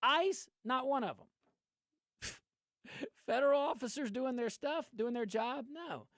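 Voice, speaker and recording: A man's voice: extremely high pitch, measured pace, no echo, clean studio sound. A man hosting political commentary, ranting with lots of laughs. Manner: animated, ranting, laughs often. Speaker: host.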